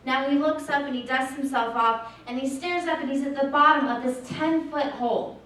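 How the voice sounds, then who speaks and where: Woman presenter, high voice, earnest, distant mic in a very echoey hall. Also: fairly even intonation, normal speed. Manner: earnest, acts out shouted lines in a story. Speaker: suicide prevention presenter. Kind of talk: presentation with storytelling. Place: large echoey room with audience. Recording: very echoey room from far off.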